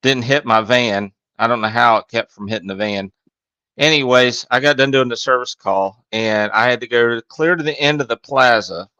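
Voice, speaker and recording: Wry storytelling man, bright dry voice. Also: mid-range voice, moderate pace, dry recording. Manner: self-deprecating, wry. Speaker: podcast co-host, HVAC technician. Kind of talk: casual storytelling. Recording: dull, dry lo-fi audio.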